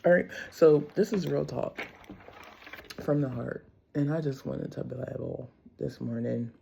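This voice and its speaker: A woman's voice: rumbling low, a little slow, vocal fry, mellow, husky, lo-fi sound. A middle-aged woman vlogging a casual faith talk, candid and rambling with frequent laughs.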